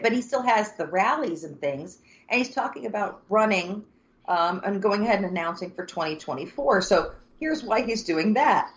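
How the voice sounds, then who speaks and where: A woman co-hosting a podcast, talking politics in a blunt, exasperated way and swearing freely. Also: lowish voice. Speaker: podcast co-host. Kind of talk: casual political chat. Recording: dull lo-fi sound.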